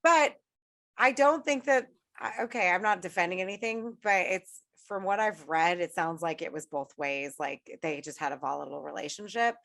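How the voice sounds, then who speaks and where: A woman's voice: lowish voice, normal speed, fairly bright tone, no echo. Woman in her 30s hosting a podcast, kinda sick, chatty, dry close mic. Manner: chatty, restarts and laughs often. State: sick, a bit rough. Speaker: podcast host. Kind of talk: casual chat.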